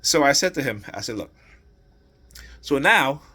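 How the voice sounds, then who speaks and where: A man's voice: mid-range voice, lively intonation, a little slow, bright, forceful tone, slightly rough. A man venting about family matters in a rambling, heated monologue, often asking "right?". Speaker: father venting on his channel. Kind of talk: casual rant to camera.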